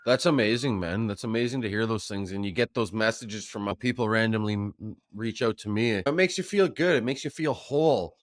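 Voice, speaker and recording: A man hosting a podcast, chatting in a relaxed, conversational and encouraging way. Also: on the low side, a little fast, hardly any pauses, dry recording, studio quality. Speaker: podcast host. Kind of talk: casual interview chat.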